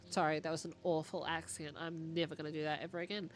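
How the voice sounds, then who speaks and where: A woman's voice: deep voice, fairly quick, soft background music. Chatty young woman streaming a game. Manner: chatty and excitable, thinking aloud and reading on-screen text. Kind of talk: casual live-stream chat while playing a puzzle game.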